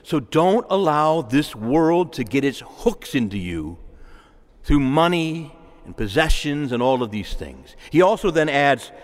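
A man's voice: fairly high pitch, very animated, a little slow. A man preaching a sermon as a parish priest, conversational, with asides and repeated words. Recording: long church reverb.

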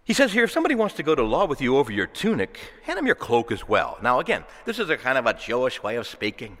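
A man preaching a sermon in a church, lively and dramatic, acting out the voices he quotes and swinging from loud to hushed. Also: medium pitch, quick pace, few pauses, in a large hall.

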